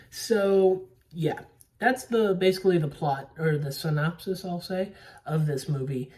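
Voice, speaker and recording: A man's voice: a little high, darkish tone. A young man casually recapping a movie plot, rambling with lots of fillers and the odd swear word. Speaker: movie podcaster. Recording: voice a bit distant from mic.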